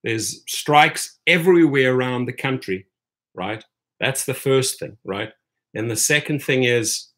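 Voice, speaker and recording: A man from Washington, D.C., USA, with a mid-range, fairly bright voice hosts a rideshare channel live stream. He comments and reads chat emphatically, keeps tagging "right?" onto his points and calls viewers "my friends".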